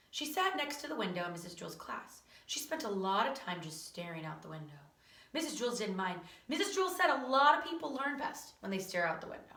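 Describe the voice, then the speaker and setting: A woman teacher reading a children's book aloud in an animated way, with chatty asides. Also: mid-range voice. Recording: roomy echo, distant from mic.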